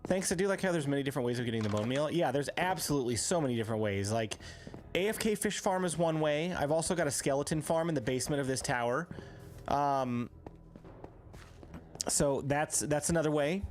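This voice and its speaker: Lively chatty male game streamer. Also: on the high side, fairly quick, a little hiss or hum. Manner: chatty, reads chat aloud and answers viewers. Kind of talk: live gameplay stream chat.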